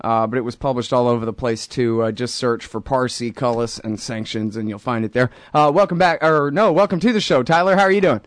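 A blunt, sarcastic man hosting a radio talk show, with an ordinary mid pitch. He rants with heavy fillers and hesitations. The studio sound is dry and close. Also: steady tone, fairly quick, few pauses, no echo. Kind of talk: opinionated radio talk and interview.

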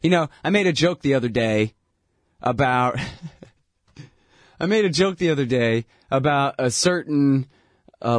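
A man's voice: no room sound, studio quality. A man ranting in a casual, sarcastic way, laughing between points and mocking others in whiny voices. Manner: mocking, breaks into whiny falsetto impressions.

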